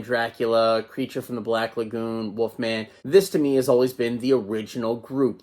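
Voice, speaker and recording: A man hosts a casual movie review and talks in an enthusiastic, conversational way. His voice sits at an ordinary middle pitch. He comes across as chatty and eager.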